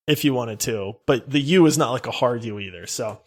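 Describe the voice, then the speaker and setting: A man's voice: mid-range voice, normal speed, hardly any pauses. A young man co-hosting a casual gaming podcast, joking and laughing often as he talks. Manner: laughing, animated, jokey. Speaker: podcast co-host.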